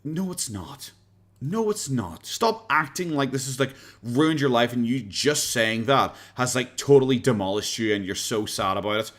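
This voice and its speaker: A man's voice: medium pitch, normal speed, few pauses, fairly bright tone. A man with an Irish accent, streaming and mocking a clip in sarcastic casual commentary, often laughing.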